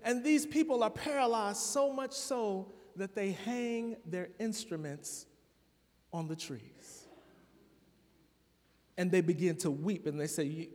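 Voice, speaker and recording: A man from Chicago preaching a sermon in a church, talking conversationally to the congregation and building to loud, emphatic peaks. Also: high voice, slow. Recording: long reverb of a large hall.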